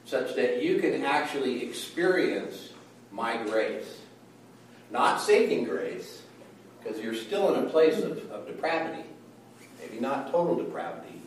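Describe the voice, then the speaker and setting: Unhurried man teaching in an echoey room. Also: mid-range voice, recorded from a distance, slight background noise. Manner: conversational, often checks in with "right?". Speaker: Bible study teacher. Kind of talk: Bible study lecture.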